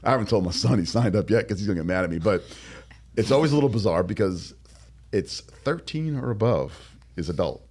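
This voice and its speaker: A man's voice: lowish voice, expressive, fairly quick, darkish tone, breathy edge. A middle-aged man chatting casually as a podcast host, rambling, restarting his sentences and laughing often. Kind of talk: casual chat.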